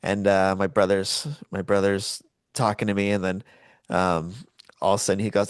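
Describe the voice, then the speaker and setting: A man's voice: low voice, normal speed, clean tone, no echo. A middle-aged man co-hosting a podcast, telling a story in casual chat and acting out the voices of the people in it. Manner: animated storyteller, acts out voices in quotes. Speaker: podcast co-host.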